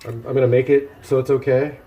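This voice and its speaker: With a dark, level, mid-range voice and a quick pace, a man talks to his stream chat while cooking meal prep at home, faint music in the background. His manner is chatty and self-deprecating as he works.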